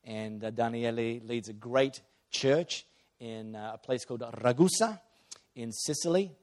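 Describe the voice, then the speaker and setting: A man's voice: medium pitch, measured pace, darkish tone. A man speaking as a pastor to his congregation, in a sermon-style talk with playful asides and frequent restarts. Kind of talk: sermon introducing a guest.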